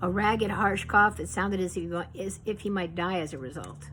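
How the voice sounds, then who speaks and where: A woman with a lowish voice reads her memoir aloud at a measured, reflective pace. A faint hiss of noise sits under the voice throughout. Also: a bit bright, poor audio. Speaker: author reading her memoir. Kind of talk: memoir reading.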